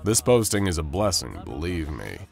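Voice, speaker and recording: A man voicing a gruff, world-weary middle-aged male security chief who speaks in a dry tone. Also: deep voice, big pitch swings, moderate pace, faint music behind, full character voice.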